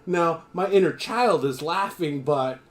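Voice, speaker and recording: A man's voice: a little high, measured pace. A man from the United States ranting his opinions in casual live-stream chat, swearing freely.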